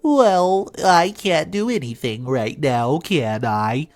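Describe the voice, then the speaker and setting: A man's voice: fairly high pitch, expressive, slow, soft background music, voice pushed up. A man voicing a resentful, meddling middle-aged mother-in-law who talks in a whiny, indignant way.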